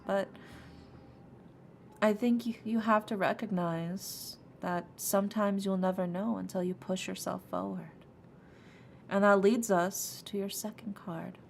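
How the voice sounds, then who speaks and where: A woman streamer reading tarot cards for her chat in a put-on sultry voice, low, slow and half-whispered. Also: creaky, slight background noise. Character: sultry, seductive female tarot reader. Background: soft lo-fi music.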